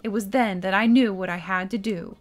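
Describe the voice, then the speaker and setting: A woman's voice: mid-range voice, steady tone, a little fast, soft background music, natural voice. A woman doing a boastful old yarn-spinner. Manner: grandiose, theatrical storytelling. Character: boastful older man spinning grand adventure tales.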